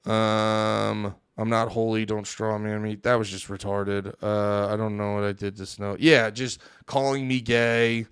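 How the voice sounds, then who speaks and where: A man's voice: on the low side, measured pace, fairly bright tone, smooth, dry recording, clean studio sound. A young man hosting a livestream, ranting and swearing heavily as he talks back to his chat. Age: young adult. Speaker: livestream host. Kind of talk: casual stream commentary reacting to chat.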